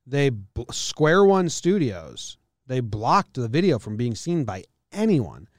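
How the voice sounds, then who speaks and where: A man's voice: mid-range voice, big pitch swings, slow pace, no echo, clean studio sound. A man hosting a podcast, chatting in a laid-back, rambling way and laughing often. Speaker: podcast host. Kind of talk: casual chat. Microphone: studio mic.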